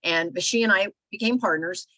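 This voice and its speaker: A middle-aged woman co-hosts a relaxed talk show and tells stories in an animated way. She uses lots of conversational filler. Her voice sits at a middle pitch and is recorded dry and close. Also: brisk, no room sound. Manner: animated storyteller, many filler phrases. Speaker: podcast co-host. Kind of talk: casual storytelling chat.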